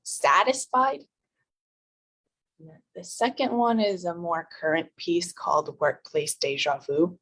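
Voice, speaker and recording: Thirties woman, open-mic poet on a video call, slightly low, rhythmic reading. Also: animated, unhurried, hardly any pauses, slightly rough. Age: 30s. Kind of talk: poetry reading.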